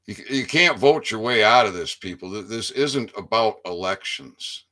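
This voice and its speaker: A man's voice: fairly low pitch, animated, normal speed, pushed and bright. A man giving a rambling casual monologue to his viewers, stammering over repeated words and swearing freely. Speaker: independent online commentator.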